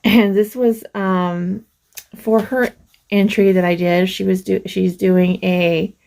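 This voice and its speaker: Middle-aged lady crafter showing off happy mail, talks real slow, warm mellow tone. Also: medium pitch, little pitch movement, vocal fry, poor audio. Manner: slow, gentle, gushing over small things. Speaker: craft channel host. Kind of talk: casual show-and-tell vlog.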